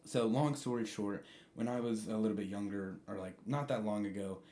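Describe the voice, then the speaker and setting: A man's voice: lowish voice, fairly quick, mellow, a little hiss or hum, natural voice. A man voicing a laid-back young male hero with slangy, easygoing banter. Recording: roomy sound with faint guitar.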